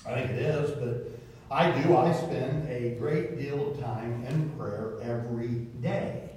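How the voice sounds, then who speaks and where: A man's voice: medium pitch, slow, darkish tone, a little hiss or hum. A man preaching a folksy sermon as pastor, repeating words and asking the congregation questions. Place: church sanctuary. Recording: very echoey room, distant from the mic.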